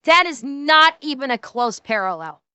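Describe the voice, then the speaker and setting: High, lively, blunt streamer woman. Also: normal speed, no echo. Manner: blunt, swearing, mocking. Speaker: streamer reacting to a video. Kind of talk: casual reaction-stream chat.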